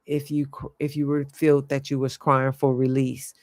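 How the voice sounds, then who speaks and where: A woman life coach giving an earnest, reflective spiritual talk, often pausing and searching for her words. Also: very deep voice, little pitch movement, darkish tone, no echo, studio quality. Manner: earnest, halting, searches for words mid-sentence.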